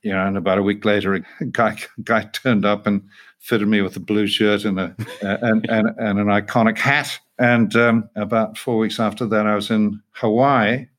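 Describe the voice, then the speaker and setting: Self-deprecating actor man, low-voiced. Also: little pitch movement, moderate pace, a bit bright. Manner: self-deprecating, laughing, hesitant. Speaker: actor, interview guest. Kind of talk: relaxed interview storytelling.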